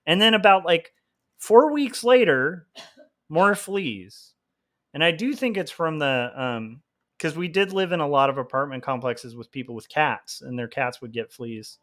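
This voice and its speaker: Drawing on a livestream, this comic artist and host talks in a meandering, self-deprecating way, full of fillers and laughs. He has a slightly high, bright, expressive voice and keeps a measured pace.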